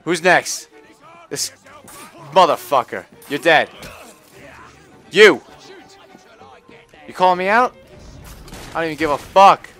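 A man giving live gameplay commentary on a stream, often frustrated and cursing with loud outbursts. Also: a little high, animated, normal speed, pauses often, soft background music. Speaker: gaming livestreamer.

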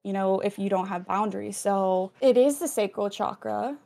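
A woman's voice: medium pitch, moderate pace, gravelly, mellow. A woman hosting a casual spiritual chat, reading viewer comments, chatty and encouraging, with plenty of fillers. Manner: chatty, filler-heavy, acts out little quoted exchanges; encouraging, affirming. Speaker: host of a spiritual channel.

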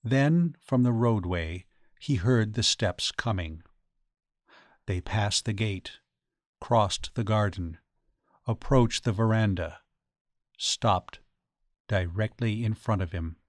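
A man narrating a ghost story audiobook in a measured, dramatic way. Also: fairly low pitch, no echo, clean studio sound. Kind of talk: scripted narration.

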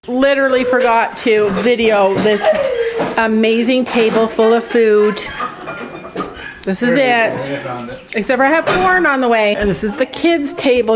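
Chatty high-voiced grandmother vlogging. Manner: chatty, laughs often, coaxes children gently. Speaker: grandmother and family vlog host. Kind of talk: casual family vlog. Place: family farm, indoors and by the chicken coop.

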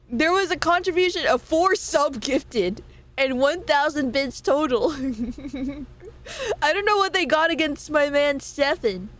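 Chatty higher-voiced young woman streamer. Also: animated, a little slow, a bit bright, faint music behind. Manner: chatty, laughs often, swears casually. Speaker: game streamer. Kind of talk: casual live-stream chat.

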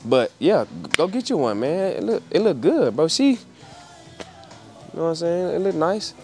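A man's voice: a little high, very animated, moderate pace, dark tone, faint music behind. A brash young man doing a casual prank vlog inside a big store, trolling and swearing. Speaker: prank vlogger.

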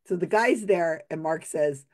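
A woman's voice: low voice, measured pace, a little mellow. A woman casually telling a personal anecdote, laughing often and restarting her sentences. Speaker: storyteller sharing a memory.

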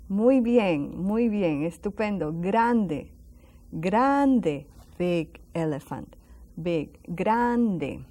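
Woman teacher, very slow delivery, patient drilling, encouraging, mid-pitched voice. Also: mellow. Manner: slow, patient drilling with sung-out repeated words; encouraging, praises the viewers. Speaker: Spanish teacher. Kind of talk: classroom language lesson.

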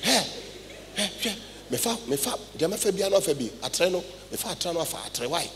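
A middle-aged Ghanaian man preaching a sermon in church, swinging between loud outbursts and hushed asides. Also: high voice, big pitch swings, brisk, slight background noise. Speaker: pastor. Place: church hall with congregation. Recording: live church recording with long reverb.

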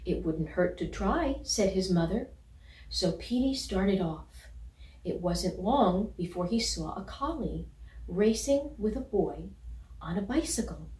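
A woman reading a children's picture book aloud in a gentle, measured storytelling voice. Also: mid-range voice, animated. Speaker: storybook reader. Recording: roomy, from a distance.

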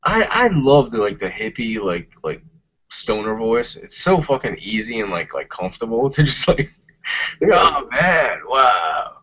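Laid-back husky-voiced podcast guy. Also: fairly low pitch, very animated, normal speed, a bit bright. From Puerto Rico. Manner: laid-back, swearing, says "man" and "dude" a lot. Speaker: podcast co-host. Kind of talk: casual chat. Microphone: remote call. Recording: dull lo-fi audio.

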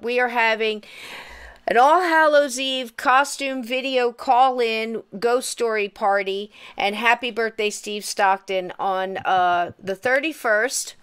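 Chatty woman podcast host, clear voice. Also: fairly high pitch, fairly bright tone. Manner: chatty, enthusiastic, laughs often. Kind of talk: casual chat.

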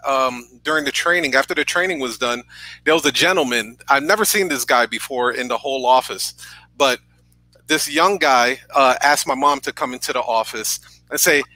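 A man from New York tells a personal story as a podcast guest over a video call. His voice is bright and forward, recorded dry with no room sound. He talks earnestly and keeps checking in with "right?". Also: mid-range voice, normal speed, no room sound, rough recording. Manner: earnest, says "right?" often.

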